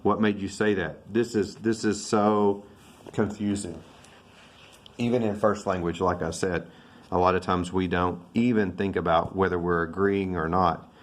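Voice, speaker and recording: Very low-voiced man teaching English casually. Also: flat delivery, measured pace. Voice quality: loose, self-correcting, thinking aloud. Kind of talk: casual video lesson on intonation.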